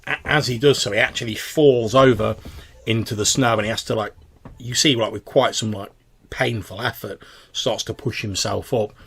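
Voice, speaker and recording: A man narrating as game master of a tabletop game, halting and full of fillers. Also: fairly low pitch, fairly even intonation, creaky, fairly bright tone, slightly rough.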